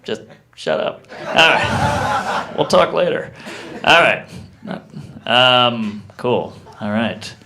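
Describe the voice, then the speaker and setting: A man doing a stand-up comedy set in a live club, delivering deadpan one-liners with quick asides to the crowd. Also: mid-range voice, vocal fry, background noise.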